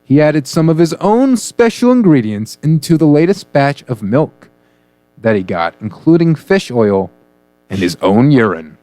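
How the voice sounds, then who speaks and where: Punning comedy radio host. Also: male voice, fairly high pitch, sing-song, measured pace, warm tone, dry recording. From United States. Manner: jokey, punning, playful delivery. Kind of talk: comedic news banter.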